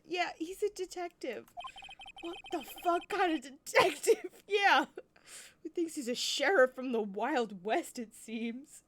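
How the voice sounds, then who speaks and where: A woman streaming a video game, reading its lines aloud and reacting with excitable, swearing commentary. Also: sits high, measured pace, a little hiss or hum. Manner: excitable, swearing, laughing often. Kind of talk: let's play commentary, reading dialogue aloud. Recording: game music behind. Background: video game music.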